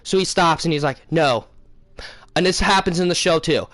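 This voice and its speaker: A young man tells a long story to his channel in a rambling, excitable way, tripping over his words and correcting himself as he goes. His voice sits a little high for a man, and the sound is close and dry with no room around it. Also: moderate pace, dry recording. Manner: rambling, excitable, lots of fillers and self-corrections. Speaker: gaming channel host. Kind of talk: casual storytelling to camera.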